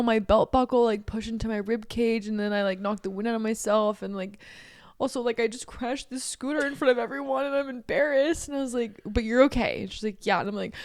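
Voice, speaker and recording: A young woman co-hosting a casual podcast, telling a story in an animated way and often breaking into laughter. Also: on the high side. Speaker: podcast co-host.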